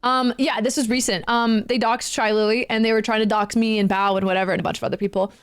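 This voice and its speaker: High-pitched female streamer, sweary, repetitive, playful-angry delivery. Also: level tone, quick pace, smooth. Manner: swears, repeats herself, swings between angry and playful. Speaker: VTuber streamer. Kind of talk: live stream rant to chat.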